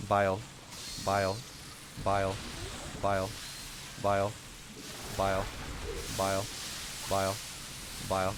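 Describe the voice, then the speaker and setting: A man giving casual, energetic commentary while he plays and teaches a strategy game, talking bluntly and swearing now and then. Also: lowish voice, noisy background. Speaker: gameplay coach.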